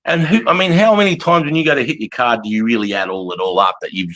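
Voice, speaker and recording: A man's voice: mid-range voice, fast talker, a bit bright, dry recording, poor audio. A man with an Australian accent hosting a live chat, talking bluntly and swearing as he rants about local gripes. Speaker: live stream host.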